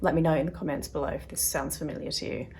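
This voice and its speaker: A deep-voiced woman with vocal fry talks quickly and with fairly even intonation as she hosts a self-help video. Casual and chatty toward the camera, she acts out small voices in quotes and now and then lowers to a soft, quiet tone.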